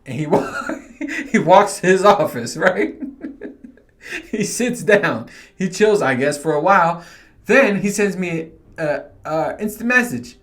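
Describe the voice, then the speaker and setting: A man with a voice pitched a bit higher than most men talks casually through a solo podcast. He rambles from story to story, swears freely, and breaks into laughter often. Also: lively intonation, normal speed. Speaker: podcast host.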